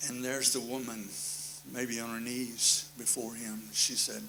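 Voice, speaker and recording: A man's voice: medium pitch, little pitch movement, a little slow, sharp tone, slight background noise, low-quality recording. A man preaching a sermon in a folksy, plain-spoken storytelling manner, repeating his refrains.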